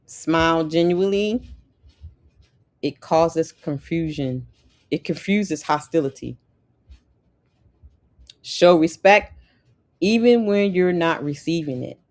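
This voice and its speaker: Woman w/ giving pep talk to the ladies, lowish voice, says things twice for emphasis. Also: slow pace, long pauses, darkish tone. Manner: emphatic, repeats key lines, sassy asides. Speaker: lifestyle podcast host. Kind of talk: motivational talk to women.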